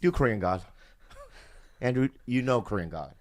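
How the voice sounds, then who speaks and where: A man's voice: mid-range voice, lively intonation, normal speed, darkish tone. A man guesting on a comedy podcast, laughing a lot and pushing back playfully in casual banter.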